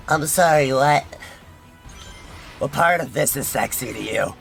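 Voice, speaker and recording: With a highish voice, lively intonation and some vocal fry, a man talks at normal speed but pauses often. He's chatting casually with his audience while streaming a game, rambling, self-deprecating and full of fillers and restarts over faint game music.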